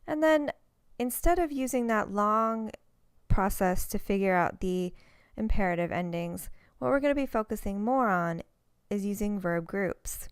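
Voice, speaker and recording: A woman teaching a recorded language lesson, explaining step by step and saying example words slowly and carefully. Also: medium pitch, clear, resonant tone, no echo.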